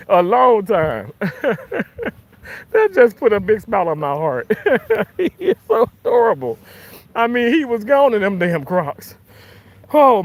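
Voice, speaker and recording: A man in his thirties from Mississippi with a Southern accent, chatting casually on a livestream, reading comments aloud and laughing often. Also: high voice. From Mississippi, USA. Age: 30s. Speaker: livestream host.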